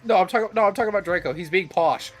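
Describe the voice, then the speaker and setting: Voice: mid-range voice, over loud music. A player in casual gaming banter who teases friends and laughs easily. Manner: teasing, quick to laugh.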